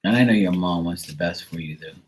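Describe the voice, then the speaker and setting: With slight background noise, a middle-aged livestream host reads tarot in a low, slightly mellow voice, talking a bit fast. The chat is casual, and he's blunt and rambling, using plenty of fillers.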